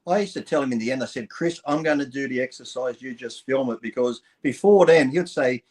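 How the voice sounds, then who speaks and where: A man's voice: mid-range voice, fairly quick, hardly any pauses. Casual talk guy, middle-aged, cursing, tells stories with lots of energy. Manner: profane, animated storyteller. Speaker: podcast guest. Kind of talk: casual chat.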